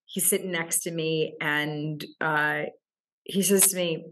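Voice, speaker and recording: A woman's voice: low voice, steady tone, slow pace, a bit bright, a little hiss or hum. A woman leadership coach, a guest in a casual interview, who tells stories animatedly, often repeats words as she thinks, and laughs between thoughts.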